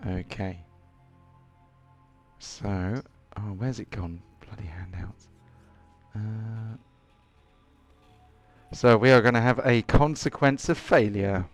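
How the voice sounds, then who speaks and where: A man's voice: fairly low pitch, slow pace, pauses often, no room sound, soft background music. A man running a tabletop game as game master, chatty and full of hesitant fillers. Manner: chatty, hesitant, lots of ums. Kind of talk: casual tabletop game narration.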